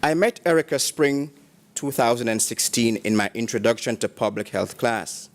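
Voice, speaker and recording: A man reading prepared tributes aloud at a graduation ceremony. His delivery is measured and formal, with each phrase set apart, and his pitch sits in a middle range for a man.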